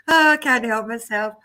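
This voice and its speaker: A woman's voice: medium pitch, fairly bright tone. A woman co-hosting a live stream who reads a comic meditation aloud, then chats casually, laughing often and swearing freely. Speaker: co-host of a live psychic development stream.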